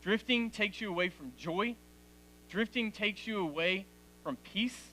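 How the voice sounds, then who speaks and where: A man's voice: sits high, measured pace, pushed and bright, slight background noise. A man in his forties giving a direct, conversational youth sermon to teenagers in a church hall. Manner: direct, conversational, addresses teens as guys. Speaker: youth speaker.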